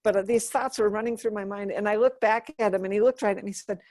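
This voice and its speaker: A woman's voice: medium pitch, fast talker, dry recording. A woman in her fifties, a Buddhist nun, telling a personal story in an interview and acting out the dialogue. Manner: animated storyteller, acts out quoted dialogue.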